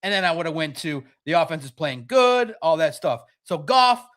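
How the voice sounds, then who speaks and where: A man's voice: fairly high pitch, expressive, normal speed, a bit bright. A man hosting a sports podcast, talking casually and with animation, slipping into mocking impressions of others.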